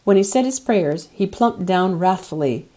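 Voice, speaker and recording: A woman reading a novel aloud with a measured, gentle delivery. Her voice is lower than most and has a warm, mellow tone. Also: animated. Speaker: audiobook reader.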